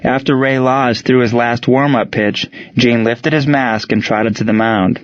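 A man reading a story aloud as narrator, in steady storytelling narration. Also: medium pitch, unhurried, dry recording, dull audio. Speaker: audiobook narrator. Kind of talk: scripted narration.

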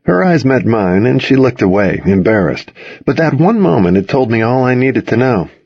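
A man narrating a first-person audiobook in a wry, measured storytelling manner. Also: medium pitch, big pitch swings, husky, dry recording, muffled recording.

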